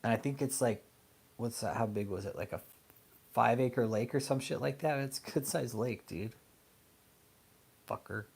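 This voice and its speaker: A man's voice: medium pitch, normal speed, creaky, long pauses, darkish tone, slightly rough. Profane, angry man ranting. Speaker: online commentary host. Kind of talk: casual profane rant.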